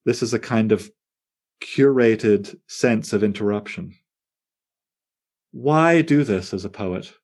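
A man with a fairly low voice leads a poetry class. He talks in a lively, digressive way and often stops himself mid-thought to add an aside. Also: slow, pauses often, slightly rough. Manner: animated, digressive, self-interrupting. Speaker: poetry teacher. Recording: on air class broadcast.

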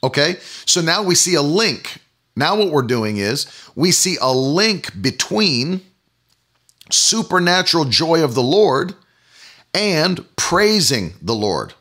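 A man preaching a sermon, emphatic, building to loud exclamations on key phrases. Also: a little high, very animated, slow pace.

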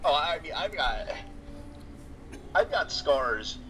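A man's voice: on the high side, expressive, fairly bright tone, faint music behind, low-quality recording. A man co-hosting a casual podcast, talking in an easygoing way and often restarting his sentences. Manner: easygoing, halting, repeats words as he starts sentences. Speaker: podcast co-host. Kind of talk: casual chat.

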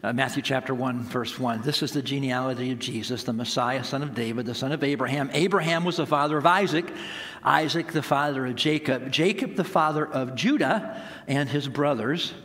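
A roughly sixty-year-old pastor tells a story with laughter while preaching, his brisk, fairly bright, mid-range voice echoing with long reverb through the church sanctuary.

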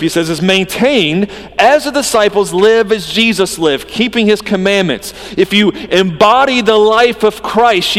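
A man preaching a sermon, earnest and emphatic, swinging between loud stresses and quiet drops. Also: high voice, in a large hall.

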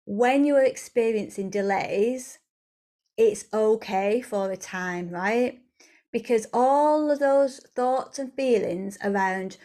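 A woman hosting a motivational podcast for women, coaching in a lively monologue, acting out quoted voices and swearing freely. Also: on the high side, slow.

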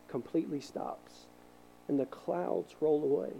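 Man, pastor, sermon, mellow warm voice, animated delivery, acts out voices. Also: on the high side, moderate pace, poor audio. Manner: drops to a soft hush for emphasis.

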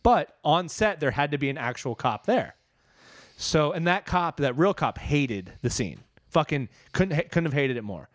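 Guy w a higher voice telling a long story, cusses a ton, dead dry mic. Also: animated, normal speed, no echo. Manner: rambling storyteller, swears freely. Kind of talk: casual chat.

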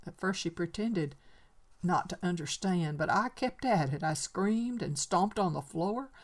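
A woman's voice: fairly low pitch, animated, unhurried, pitched above the performer's own voice. A woman voicing a lonely old man making a desperate, bitter confession, in a raised and emphatic voice. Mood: furious.

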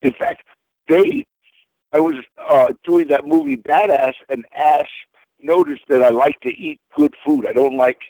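Gravelly man telling rambling stories. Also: fairly high pitch, expressive, measured pace, mellow, no room sound, low-quality recording. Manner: rambling, repeats words, many fillers. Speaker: interview guest. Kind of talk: casual storytelling interview.

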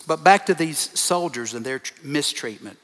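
Pastor guy preaching, kinda high voice, punchy repeated lines, big echoey church. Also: lively intonation, moderate pace, fairly bright tone. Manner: emphatic, stacking short repeated phrases. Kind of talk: sermon. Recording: long reverb of a large hall.

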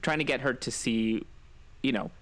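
A man hosting a casual podcast chat, telling stories and quoting his family lively. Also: medium pitch, normal speed. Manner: storytelling, animated quoting of family. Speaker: podcast host.

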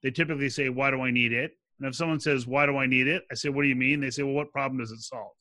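Bright-voiced man explaining sales methods. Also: medium pitch, rapid-fire, dry recording. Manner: animated, acts out quoted dialogue. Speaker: sales expert guest. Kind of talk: interview answers, explaining.

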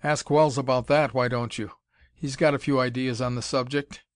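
A gruff, forthright young squadron leader, as a male narrator plays him, a little higher and louder than the narration. Dry, close sound. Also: fairly even intonation, moderate pace, no room sound, lightly acted. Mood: angry.

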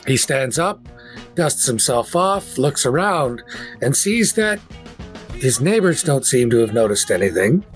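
A man's voice: mid-range voice, big pitch swings, measured pace, soft background music. Man narrating a tabletop game. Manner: vivid, descriptive storytelling. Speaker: game master.

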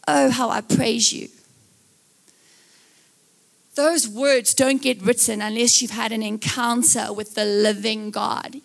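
A woman preaching a live church sermon, acting out Bible scenes in lively voices. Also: sits high, creaky.

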